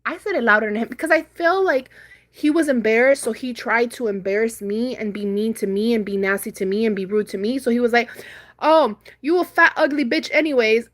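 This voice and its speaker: Young woman, livestream host at home, slightly high voice, casual and animated, loud reenacted comebacks. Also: a little fast. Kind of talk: casual live chat. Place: home, doing chores.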